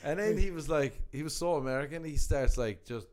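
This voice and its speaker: A man's voice: a little high, lively intonation, brisk, a little mellow. A man, a stand-up comedian, telling anecdotes in casual chat, laughing and acting out people he met. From Ireland. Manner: laughing, acts out crowd members in anecdotes.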